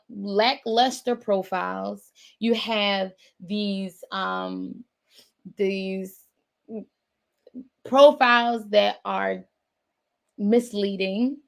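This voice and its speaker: Gravelly, animated woman dating coach. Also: medium pitch. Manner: animated, laughs often, talks to viewers as y'all. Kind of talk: casual commentary to viewers.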